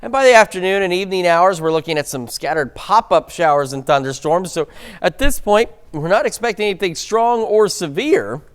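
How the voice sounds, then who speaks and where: A man's voice: sits high, expressive, a little fast, clean tone. A man anchoring a local morning newscast and giving the weather forecast, chatty and upbeat, with the odd stumble.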